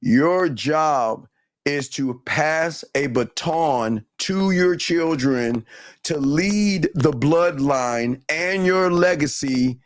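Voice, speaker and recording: Guy host ranting hard, blunt and cussing, repeats himself, kinda high voice. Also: drawn-out words, dry recording, studio quality. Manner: ranting, repetitive, blunt and profane. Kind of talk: heated reaction commentary.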